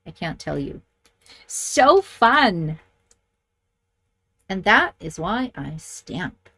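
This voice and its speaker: A woman's voice: sits low, animated, measured pace, vocal fry, pushed and bright, dry recording. A middle-aged woman demonstrating card making, chatty and enthusiastic, thinking aloud as she works. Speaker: papercraft demonstrator. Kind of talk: casual crafting tutorial.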